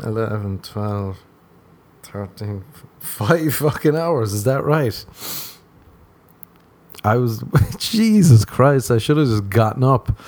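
A man with a lowish, warm, relaxed voice tells loose, profane comic stories with asides and frequent laughter. The sound is close and dry, with no room around it. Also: no echo. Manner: profane, self-mocking, laughs often. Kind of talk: rambling comedic monologue.

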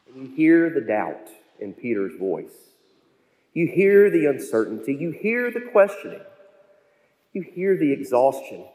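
A male pastor preaching a sermon, telling stories and slowing down to stress key phrases. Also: on the high side, sing-song, a little mellow. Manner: storytelling, with slow emphatic phrases. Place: church sanctuary. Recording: long church reverb.

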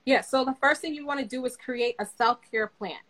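A young adult woman guest speaking as a therapist, giving advice in a relaxed, conversational way with many fillers. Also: high-pitched, fairly quick, low-quality recording. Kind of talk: casual advice chat.

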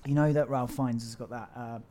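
A man's voice: medium pitch, steady tone, brisk, mellow. A man co-hosting a casual podcast, swearing and teasing the others in banter. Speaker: podcast co-host. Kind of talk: casual chat.

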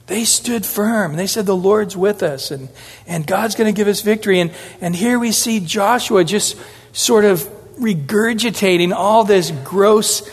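A man preaching an expository sermon, acting out the scripture quotes with lively shifts of inflection. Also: high-pitched, long reverb tail. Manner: animated, acts out scripture quotes with changing inflections. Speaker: pastor.

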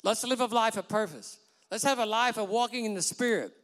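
Impassioned high-voiced preacher in a hall. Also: male voice, brisk. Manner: impassioned, drops to a hush for quoted words. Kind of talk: sermon with acted quotes. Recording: long hall reverb.

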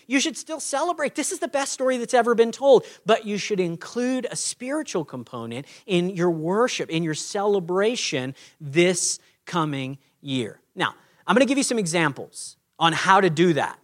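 A man preaching a sermon as a pastor, in a conversational, animated way, acting out little scenes. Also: sits high.

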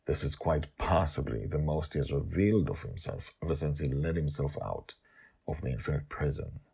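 Older male storyteller, very deep and gravelly, lively delivery for a serialized tale. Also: normal speed. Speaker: storyteller and podcast host. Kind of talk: storybook narration.

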